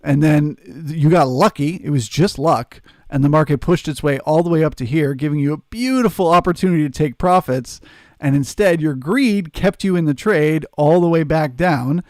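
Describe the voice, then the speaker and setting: A man's voice: fairly high pitch, normal speed, darkish tone, no room sound, studio quality. A man hosting a live trading stream, answering chat and coaching viewers in an earnest, emphatic way. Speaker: trading livestream host.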